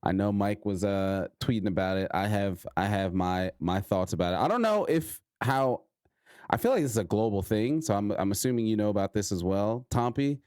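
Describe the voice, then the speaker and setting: Man, 30s, podcast co-host, low pitch, dry sound, earnest, reflective. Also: animated, normal speed, darkish tone, clean tone, no room sound. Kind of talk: casual chat.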